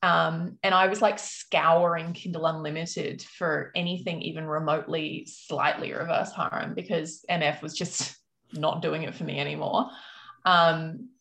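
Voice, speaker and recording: A woman's voice: low voice, little pitch movement, a little slow, vocal fry, fairly bright tone. A woman author losing her voice to a cold, telling her story in a frank, rambling way with many fillers. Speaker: author guest. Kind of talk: casual storytelling answer.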